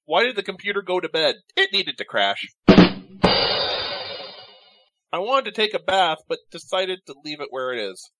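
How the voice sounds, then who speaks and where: A man telling corny jokes in casual banter, playful and quick to swear. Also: high voice, sing-song, over loud music.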